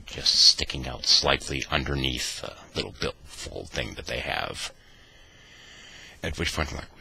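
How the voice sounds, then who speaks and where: A man vlogging, telling a wry personal anecdote in an animated, mock-dramatic way. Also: extremely low pitch, vocal fry, slight background noise. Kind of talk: anecdotal storytelling.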